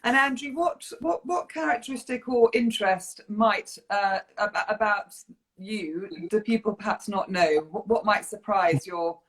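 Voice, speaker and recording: A woman's voice: mid-range voice, unhurried, fairly bright tone. A woman interviewing a headmaster, chatty and affirming. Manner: chatty and affirming, laughs easily. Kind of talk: interview over video call.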